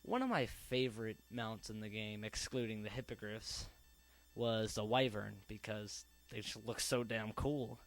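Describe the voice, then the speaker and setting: A man's voice: lowish voice, unhurried, low-quality recording. Casual rambling man vlogging. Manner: casual, rambling, self-deprecating. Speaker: video creator. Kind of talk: casual pronunciation reply vlog.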